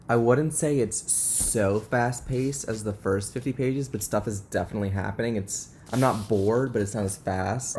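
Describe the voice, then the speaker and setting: A man talking casually in a reading vlog, chatty and expressive, swearing freely. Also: on the low side, a little hiss or hum. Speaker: book vlogger.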